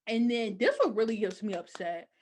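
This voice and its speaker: Young woman podcast cohost, kinda high voice, animated and opinionated, says like a lot. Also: normal speed. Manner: animated, opinionated storytelling with frequent "like". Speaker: podcast co-host. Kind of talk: casual chat recapping a TV episode.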